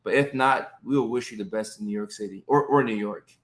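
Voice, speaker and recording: A man in his thirties chats on a live stream with a fairly low-pitched voice. He is upbeat and greets viewers by name, talking loosely with plenty of "uh"s. He is recorded up close on a phone or webcam indoors. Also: a little fast, fairly bright tone. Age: 30s.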